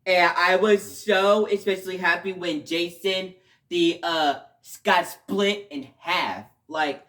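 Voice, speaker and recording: A man giving a casual video review, talking emotionally and rambling, with sudden loud outbursts between quieter stretches. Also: high voice, fairly even intonation, slow. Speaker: show reviewer.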